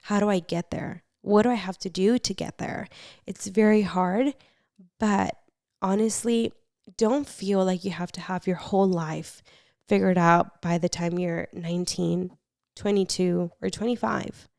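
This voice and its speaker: A young woman hosting a casual advice podcast, chatty and animated, reading confessions and swearing casually. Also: mid-range voice, unhurried, creaky, no room sound, studio quality. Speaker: podcast host.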